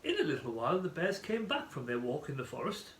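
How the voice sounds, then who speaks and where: A man narrating a children's story in an animated, expressive manner. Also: fairly high pitch, fast talker, slight background noise. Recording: echoey room.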